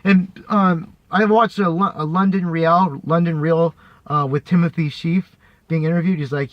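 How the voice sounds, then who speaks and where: A man's voice: on the high side, normal speed, no room sound, highs cut off. A man ranting angrily to camera, swearing, repeating himself and mocking the people he argues with. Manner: heated, profane, repetitive, mocking. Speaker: vlogger. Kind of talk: angry ranting monologue.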